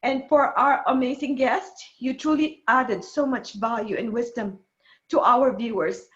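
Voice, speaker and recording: A woman's voice: on the high side, unhurried, a bit bright, highs cut off. A woman hosting a live online show and closing it with effusive, emotional thanks. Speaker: show host and author.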